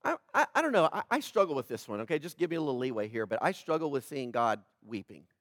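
A man preaching a sermon as pastor, swinging from loud emphatic peaks to quiet, slow scripture reading. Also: medium pitch, sing-song, dry recording, studio quality.

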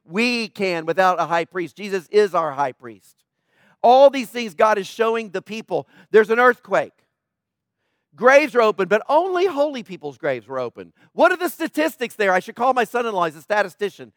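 A middle-aged man delivers a sermon in a high voice, emphatic and conversational. He keeps asking his listeners questions. The recording is dry and close. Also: sing-song, normal speed, no echo. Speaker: preacher.

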